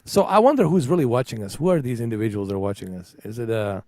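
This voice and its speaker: A man's voice: mid-range voice, very animated, fast, darkish tone. A man hosting a casual podcast over a video call, joking and exclaiming in a rambling way. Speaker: podcast host.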